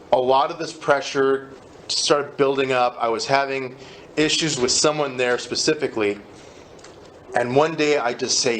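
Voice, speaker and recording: A man's voice: mid-range voice, a bit bright, slight background noise. A man speaking at a recovery meeting, telling his own story candidly and with self-deprecating humor, acting out what people said.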